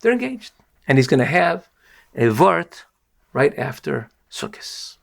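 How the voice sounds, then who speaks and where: A rabbi giving an earnest, emphatic Torah lesson and weaving in a story. His voice is gravelly and sits on the higher side. He pushes hard on key points. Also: very animated, a little slow.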